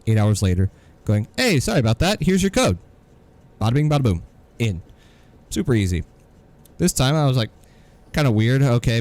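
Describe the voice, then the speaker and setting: A man co-hosting a casual podcast tells a story as an exasperated, sarcastic rant. His voice is on the low side, with a darkish tone.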